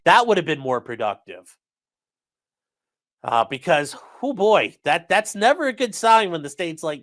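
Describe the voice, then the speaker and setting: A man's voice: a little high, measured pace. A man giving casual, sarcastic legal commentary on a livestream, talking straight to his chat. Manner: casual, sarcastic, lively asides.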